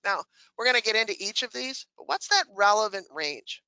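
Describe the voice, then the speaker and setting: A woman's voice: medium pitch, expressive, a little fast, bright, forceful tone, clear, resonant tone, no echo, highs cut off. A woman giving a webinar presentation who asks the audience questions and answers them herself, with dry humor.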